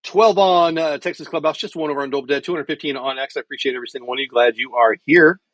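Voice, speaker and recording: A middle-aged man hosts a baseball watch-party livestream from home, chatting loosely and thinking out loud between pitches. His voice sits a little high, and the sound is dry and close to the mic. He gets animated when calling the big plays. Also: very fast, no room sound. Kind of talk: casual live baseball commentary.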